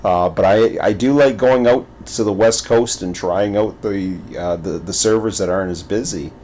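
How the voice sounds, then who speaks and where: A man's voice: lowish voice, normal speed. A man giving casual gaming commentary who rambles, repeats words and stumbles through his thoughts. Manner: animated, playful storytelling. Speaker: gaming video creator.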